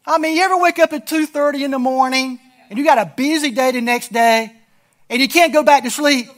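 High-pitched middle-aged preacher guy, chatty and joking with the church crowd. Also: steady tone, a little fast, a bit bright. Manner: conversational, humorous storytelling to a congregation. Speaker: pastor. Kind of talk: sermon.

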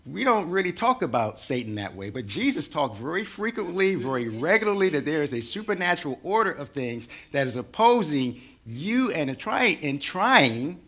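A man's voice: fairly high pitch, very animated, moderate pace, few pauses, fairly bright tone. A man preaching a sermon in a conversational way, building to rising intensity. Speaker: pastor.

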